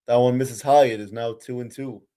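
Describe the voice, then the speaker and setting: Young male fan-streamer, mid-pitched, amateur play-by-play, gets heated and sweary at his team. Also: steady tone, fairly quick, mellow. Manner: frustrated, ranting fan commentary, curses. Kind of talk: amateur live play-by-play commentary.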